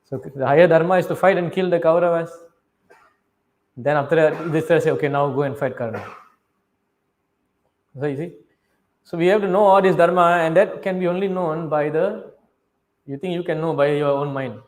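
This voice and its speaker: Animated man preaching a scripture class. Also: on the high side, brisk, long pauses. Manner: animated storyteller, asks the audience questions, acts out quoted dialogue; non-native English phrasing. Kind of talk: sermon, storytelling.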